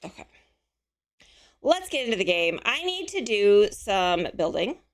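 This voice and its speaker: Slightly hoarse, chatty woman streamer. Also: medium pitch, sing-song, a little slow. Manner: chatty, friendly, answers chat messages aloud. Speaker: live-stream host. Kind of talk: casual live-stream chat with viewers.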